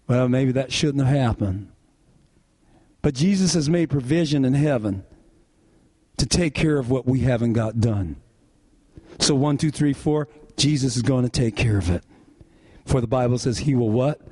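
Brisk and a little mellow, with lively intonation, a pastor delivers a sermon in call-and-response style, his pitch climbing and dropping as the congregation answers.

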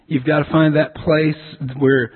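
A man's voice: on the high side, flat delivery, unhurried. A man preaching a sermon as a pastor, telling stories and often repeating words as he restarts. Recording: tinny phone-like sound.

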